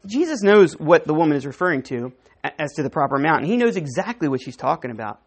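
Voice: medium pitch, sing-song, fast, breathy edge. A preacher giving a sermon, walking through a Bible passage verse by verse and acting out the quoted dialogue, with frequent self-corrections.

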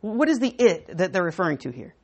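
A woman's voice: mid-range voice, very animated, brisk, darkish tone, slightly rough. A woman preaching a sermon in church, teaching in a conversational way and putting questions to the congregation.

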